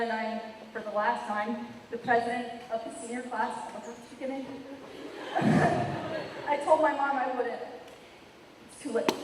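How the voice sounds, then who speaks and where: A woman's voice: fairly high pitch, noisy background. A teenage girl, senior class president, giving a graduation speech, emotional and apologetic, laughing through tears. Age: teens. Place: large hall. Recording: echoey hall from far off.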